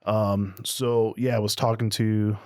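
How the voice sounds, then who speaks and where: A man's voice: measured pace, no echo, studio quality. Casual man with a cartoonish voice. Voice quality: high, cartoonish voice. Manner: animated, acts out quotes. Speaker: podcast guest, predator catcher. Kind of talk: casual storytelling.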